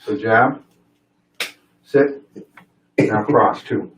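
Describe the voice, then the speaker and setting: A man's voice: fairly low pitch, drawn-out words, echoey room, distant mic, slight background noise, rough recording. A man who works as a fitness and boxing trainer, chatting casually and giving short, encouraging coaching commands. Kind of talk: casual chat, coaching moves.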